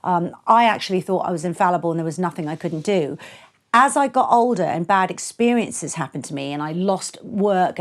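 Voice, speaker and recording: Blunt, animated woman storyteller. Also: on the low side. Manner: blunt, animated, acts out quotes, laughs often. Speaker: DJ and producer, interview guest. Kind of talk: candid storytelling in a podcast interview.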